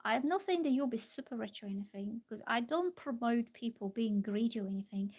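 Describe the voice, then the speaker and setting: A woman's voice: fairly high pitch, lively intonation, fairly quick, darkish tone. A woman giving live-stream tarot readings, chatty and reassuring, rambling with many fillers. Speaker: tarot reader.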